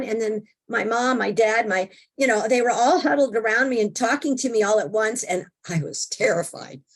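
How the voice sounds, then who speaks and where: An older woman, an interview guest, telling a personal story in an animated, expressive way and acting out her own thoughts. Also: a little high, moderate pace, hardly any pauses.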